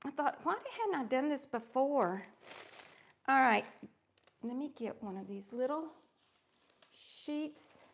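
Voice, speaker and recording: A woman with a high voice and a gravelly, fry-edged texture, chatting casually through a live crafting stream. She keeps it upbeat and chatty, greeting her viewers by name as she works on a project. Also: lively intonation, slow, pauses often.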